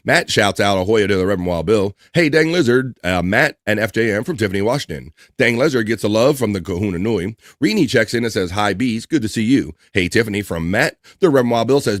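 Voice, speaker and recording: A man's voice: mid-range voice, dry recording, studio quality. Chatty man reading live chat aloud. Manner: chatty, reads usernames and shout-outs aloud, quick asides. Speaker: livestream host.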